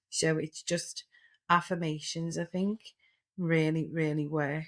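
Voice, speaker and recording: Earnest middle-aged woman coach, lowish voice with little lift, practical examples. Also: level tone, moderate pace, creaky. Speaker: therapeutic coach, podcast guest. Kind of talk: reflective interview talk.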